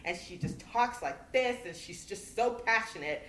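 A woman's voice: a little high, expressive, unhurried, a bit bright. A woman co-hosting a podcast, making her points emphatically in casual discussion and acting out what others say. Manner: emphatic, acts out quoted voices. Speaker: podcast co-host. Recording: echoey room with faint hiss.

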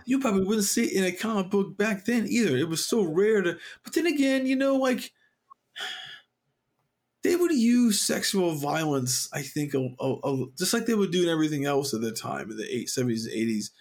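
A podcast co-host with a high-pitched voice talks a little fast in casual chat. He rambles with many fillers and restarts and animatedly acts out quoted voices.

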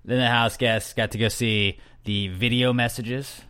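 A man's voice: mid-range voice, steady tone, measured pace, pushed and bright, clean tone. A young man hosting a podcast, recapping in a loose, joking, rambling chat full of fillers. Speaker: podcast host.

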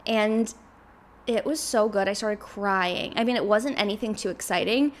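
A woman's voice: medium pitch, moderate pace. A woman in her twenties hosting a podcast, chatting casually and rambling with lots of filler words. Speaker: podcast host.

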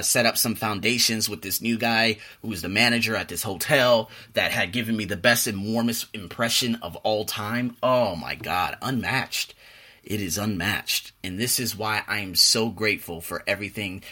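A man's voice: mid-range voice, pushed and bright. A young adult man hosting a podcast, reading a self-help passage and then talking casually in an emphatic, motivational way. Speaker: podcast host.

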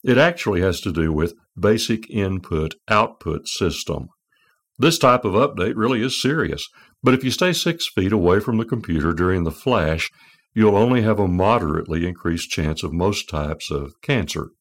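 Deep voiced middle-aged guy telling a funny devotional story, wry and self-deprecating. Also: expressive, normal speed. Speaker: podcast host.

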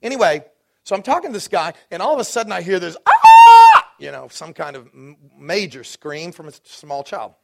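A man in his forties from Dallas preaching a sermon to his congregation, swinging between rising fervor and relaxed storytelling asides. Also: on the high side, brisk, gravelly, noisy background. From Dallas, Texas. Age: 40s. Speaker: pastor.

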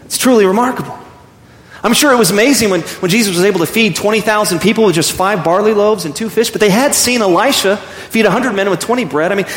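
High-voiced preacher in echoey hall. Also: male voice. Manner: earnest, animated preaching with repeated restarts. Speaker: pastor. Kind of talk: sermon.

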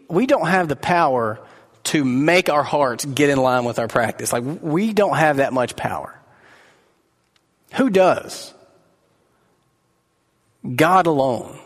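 A man preaching a sermon to a live congregation in an earnest, conversational way, asking his listeners direct questions. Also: medium pitch. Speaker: pastor. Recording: echoey hall reverb.

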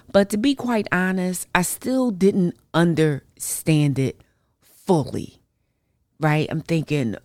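A low-pitched woman talks into a close mic, her voice dry with no room sound. She hosts a podcast and shares a personal faith testimony in casual, colloquial words. Her delivery swoops high and low as she acts out her own reactions. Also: no echo. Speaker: podcast host.

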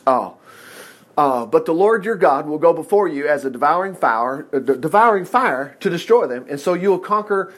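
A man in his fifties preaching a conversational, animated sermon and acting out the quotes he reads. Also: a little high, moderate pace. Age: 50s.

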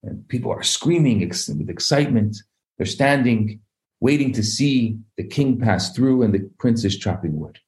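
A man, a rabbi, telling a parable in an animated sermon, acting out the voices of its characters. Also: medium pitch, normal speed. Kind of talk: storytelling sermon.

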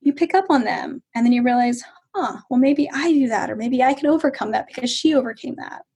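A woman author chats as an interview guest. Her voice is high and airy, a little breathy. She talks casually and laughs a lot, acting out other people's lines with lively asides. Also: fairly quick.

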